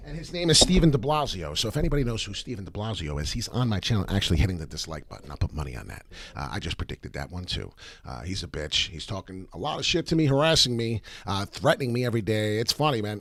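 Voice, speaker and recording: A man's voice: medium pitch, dry recording, clean studio sound. Hyped, swearing New Jersey man streaming. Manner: hyped, profane, rambling. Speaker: crypto livestream host. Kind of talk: live crypto chart talk.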